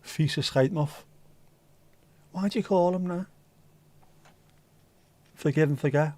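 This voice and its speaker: A man's voice: on the high side, slow, mellow, no echo. A tired man hosting a casual livestream, rambling and reacting to chat with the odd swear word. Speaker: livestream host.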